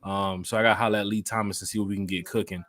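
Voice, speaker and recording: A man hosting a casual fan podcast, loud and hyped, talking to the live chat. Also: on the low side, level tone, racing. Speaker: podcast host.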